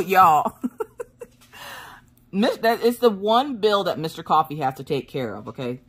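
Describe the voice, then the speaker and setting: Animated woman telling chatty stories. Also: fairly low pitch, measured pace, pauses often, breathy edge. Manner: animated storyteller, laughs often, acts out dialogue. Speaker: crafting vlogger. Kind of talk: casual chat.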